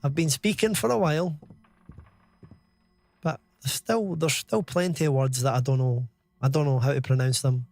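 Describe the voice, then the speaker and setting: A man's voice: a little high, fairly even intonation, moderate pace, vocal fry, pauses often, a little mellow, soft background music. A Scottish man in his thirties giving chatty live commentary while streaming a game, reading out chat and swearing casually. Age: 30s.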